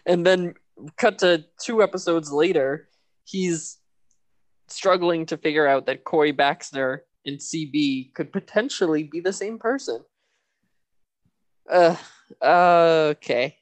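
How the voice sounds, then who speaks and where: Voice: mid-range voice, slow pace, long pauses. A podcast co-host recapping a TV episode in casual chat, laughing often. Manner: laughs often, loose and chatty.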